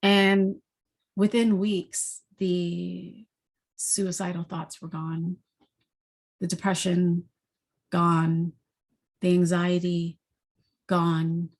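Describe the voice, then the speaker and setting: A woman sharing a personal story, halting and earnest, with frequent restarts and repeated words. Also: fairly low pitch, flat delivery. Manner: earnest and heartfelt.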